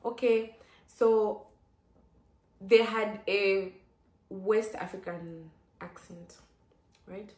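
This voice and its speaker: A young woman vlogger telling a personal story in a chatty, lively way, with lots of "like" fillers and sudden exclamations. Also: medium pitch, extremely slow, long pauses. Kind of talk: casual storytelling. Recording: roomy echo.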